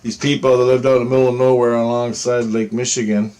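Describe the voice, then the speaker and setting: A man telling a personal story in a casual, rambling way, acting out what others said with sudden excited jumps in his voice. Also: fast talker. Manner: animated, quotes others with big pitch jumps, rambling with restarts. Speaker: storyteller recounting a personal experience.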